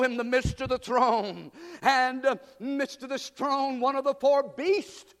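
A man, preaching a sermon as pastor, fervent and rising to shouts. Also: extremely high pitch, steady tone, unhurried, big-room sound. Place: church sanctuary. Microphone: church PA microphone.

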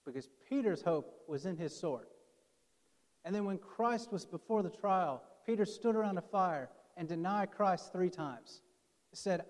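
A man's voice: fairly high pitch, normal speed, a little mellow. A man preaching a conversational sermon as pastor, acting out the quoted speakers in his story. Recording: long hall reverb.

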